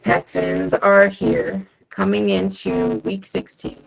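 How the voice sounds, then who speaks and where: A woman's voice: medium pitch, level tone, takes it slowly, vocal fry, low-quality recording. A woman hosting a casual podcast segment, telling a game recap in upbeat, slangy storytelling. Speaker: segment host, team fan.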